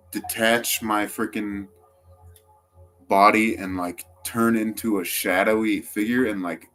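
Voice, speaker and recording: A young man with a fairly low voice tells a rambling personal story. He fills nearly every phrase with "like" and drops casual swear words into quoted outbursts. Quiet music plays faintly behind him. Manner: rambling, heavy use of filler "like".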